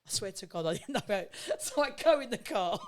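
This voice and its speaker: Chatty older woman, animated voice. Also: medium pitch, brisk. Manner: chatty, probing, tells anecdotes. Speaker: podcast guest. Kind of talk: casual chat.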